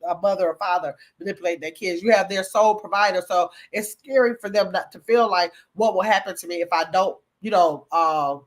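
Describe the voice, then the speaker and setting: A woman hosting a casual livestream, reading viewer comments aloud, chatty and quick to laugh. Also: fairly low pitch. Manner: chatty, laughs often, talks to chat as y'all. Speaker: livestream host.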